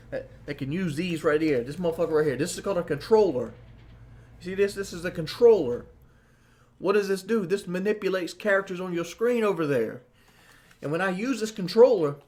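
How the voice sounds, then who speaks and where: Cocky young dude with a high-pitched voice, swearing a lot and yelling back at haters. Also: male voice. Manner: boastful, profane, shouts and mocks critics. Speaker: gaming commentator. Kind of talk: ranting commentary to camera.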